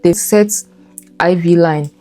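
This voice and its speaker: A woman speaks in a lowish, warm and mellow voice. She recounts a personal story earnestly and emotionally, circling back over her words as she remembers. Soft music plays faintly behind her. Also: slow pace. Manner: earnest, emotional, repeats herself while recalling. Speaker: new mother telling her birth story.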